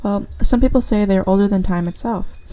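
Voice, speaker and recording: A woman's voice: mid-range voice, fairly quick, dark tone, lightly acted, rough recording. A woman reading a rambling old man stuck up a tree. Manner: folksy, rambling storyteller. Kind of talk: reading game dialogue aloud.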